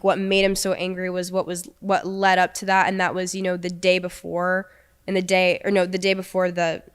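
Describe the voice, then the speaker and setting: Young woman, podcast guest, storytelling, blunt, emotional, profane, smooth clear voice. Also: on the low side. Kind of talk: personal storytelling in an interview.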